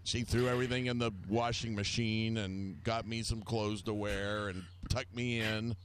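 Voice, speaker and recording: A man's voice: fairly low pitch, fairly even intonation, moderate pace. A man telling rambling, self-mocking anecdotes in casual chat, acting out the people he quotes.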